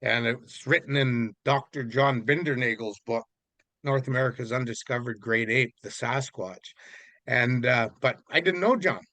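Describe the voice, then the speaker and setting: A man's voice: medium pitch, moderate pace, no room sound. A man from Vancouver Island, Canada, telling a story in a casual, rambling way as an interview guest. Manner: rambling, relaxed, many fillers.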